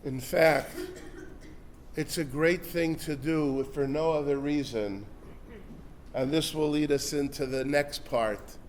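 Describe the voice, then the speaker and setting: Male rabbi-lecturer, high tenor, animated storyteller with religious terms in everyday speech. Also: measured pace, slight background noise. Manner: animated, builds to loud urgent peaks then drops soft; sprinkles religious terms into plain talk. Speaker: rabbi lecturing at a parenting event. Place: synagogue hall before an audience.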